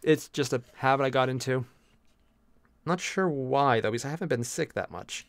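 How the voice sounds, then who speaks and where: A young man streaming while he paints miniatures, chatting with viewers in an animated, jokey way. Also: medium pitch, normal speed, no echo. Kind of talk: casual live-stream chat.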